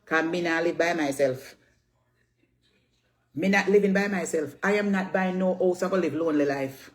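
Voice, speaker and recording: A woman's voice: on the low side, moderate pace. Brash Jamaican woman in her fifties. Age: 50s. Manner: brash, scolding, repetitive, swears freely. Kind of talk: heated social media rant.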